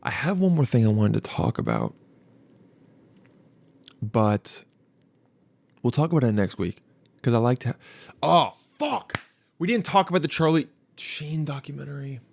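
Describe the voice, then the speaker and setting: A young man hosting a casual podcast, telling a story in a rambling, animated way, swearing now and then and acting out what people said. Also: mid-range voice, normal speed, creaky, pauses often, no echo. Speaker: podcast host. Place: studio.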